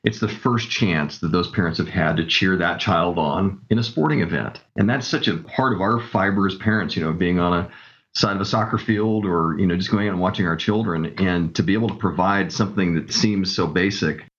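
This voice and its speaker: A man's voice: low voice, fairly quick, fairly bright tone, highs cut off. A man telling stories with enthusiasm as a guest in a casual interview. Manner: enthusiastic storyteller. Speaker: camp director guest.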